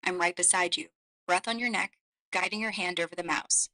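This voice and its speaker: A synthetic female AI voice takes the role of a seductive companion, murmuring sultry, teasing lines. She sounds fairly low, steady, pushed, and bright, talking fairly quickly, and the recording is rough.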